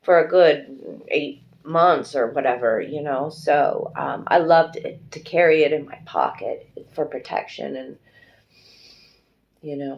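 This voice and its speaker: Woman, tarot reader, chatty, emotional, casual swearing, fond address to viewers. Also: sits low. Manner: speaks fondly to viewers as darlings and sisters. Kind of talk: pick-a-card tarot reading.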